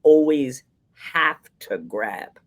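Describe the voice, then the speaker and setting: A man's voice: medium pitch, animated, very slow, a bit bright. A man hosting a casual podcast, joking around, repeating his punchlines and laughing at them. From Pennsylvania. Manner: jokey, laughs at own lines, repeats phrases. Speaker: podcast host. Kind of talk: casual chat.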